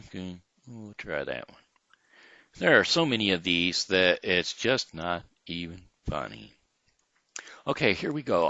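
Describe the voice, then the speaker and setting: A man with a low, gravelly yet bright and forceful voice hosts his own daily home show, recorded dry with no room sound and a dull lo-fi quality. He chats in a rambling, hesitant way full of fillers and reads a children's story.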